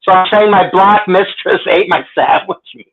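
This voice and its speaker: A man's voice: high-pitched, steady tone, moderate pace. A man with a Canadian accent chatting casually, laughing often and swearing as he rambles. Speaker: podcast co-host. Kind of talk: casual chat. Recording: tinny phone-like line.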